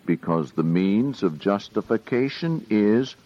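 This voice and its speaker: A man teaches scripture verse by verse, unhurried and full of questions for his listeners. His pitch rises and falls in a lively way. The recording sounds dull and lo-fi. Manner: slow and questioning, asks the audience often. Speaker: pastor teaching a Bible study.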